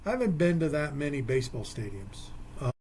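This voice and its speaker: A man's voice: fairly high pitch, very animated, brisk, a little mellow, slight background noise. A man hosting a radio sports talk show, casual and joking, telling stories and working things out aloud. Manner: joking, storytelling, thinks aloud with math.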